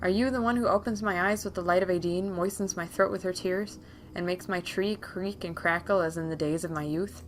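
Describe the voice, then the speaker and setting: A woman voicing an ancient, weary tree spirit in a video game, speaking slowly and solemnly. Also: on the low side, fairly even intonation, a little hiss or hum, natural voice. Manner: slow, hushed, solemn.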